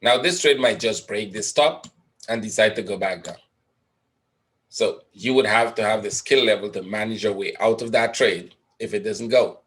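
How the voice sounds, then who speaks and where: At a moderate pace, this trading educator talks through a chart during a live webinar, raising questions and then answering them, often adding "right?" His voice is fairly low and a bit bright.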